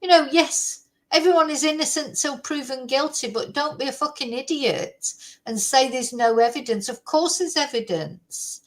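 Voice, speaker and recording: A woman's voice: sits high, moderate pace, poor audio. A woman hosting a true crime chat, ranting indignantly and swearing freely as she talks from her computer at home. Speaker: true crime channel host. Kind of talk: casual chat.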